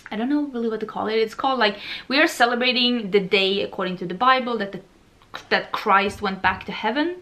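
A young woman from Sweden chatting excitedly as she unboxes beauty products for her vlog, gushing and chatty. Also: on the high side, fairly quick. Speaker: beauty vlogger.

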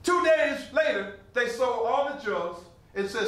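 Older man, high voice, animated storyteller to a crowd, distant mic in a roomy hall. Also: unhurried. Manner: animated, laughing storyteller with repeated phrases. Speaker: living history performer and potter. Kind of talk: storytelling to a live audience. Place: museum hall with an audience.

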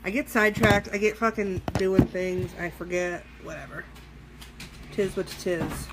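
This makeup tutorial host has a lowish, steady voice and takes her time. She chats loosely and profanely with her live-stream viewers as she works, captured on a phone or webcam amid very noisy audio.

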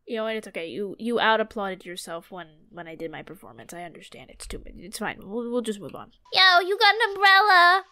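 A young woman giving excitable, dramatic commentary while playing a game, talking back to its characters. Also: on the low side, brisk, few pauses. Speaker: let's play gamer.

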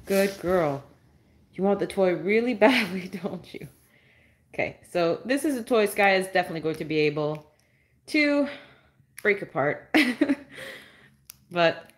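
Slow-talking woman chatting to her dog. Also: medium pitch, a little hiss or hum. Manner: playful baby-talk to her dog, laughing often. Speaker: dog channel host. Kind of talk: live stream chat with her dog.

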